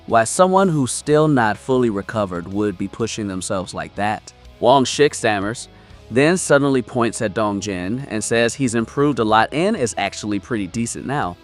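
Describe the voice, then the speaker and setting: A man narrating a comic story recap in a steady, scripted storytelling delivery. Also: mid-range voice.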